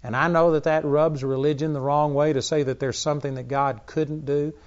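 Blunt bible teacher guy preaching, kinda high voice, dull muffled audio. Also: fairly even intonation, brisk. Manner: blunt, emphatic. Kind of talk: teaching sermon.

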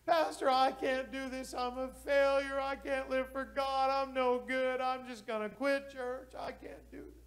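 A man's voice: very high-pitched, flat delivery, brisk, vocal fry, pitched above the performer's own voice. A preacher doing a sobbing, pleading man. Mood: tearful pleading. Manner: sobbing, pleading, repeats "Pastor". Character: weeping, distraught grown man, a new churchgoer.

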